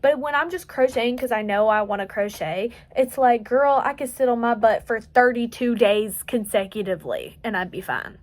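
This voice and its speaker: A woman's voice: a little high, moderate pace, hardly any pauses. An eighteen-year-old woman with a light Southern US country accent, rambling and joking through a casual late-night crochet vlog at home. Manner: rambling, chatty, self-joking. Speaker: crochet vlogger.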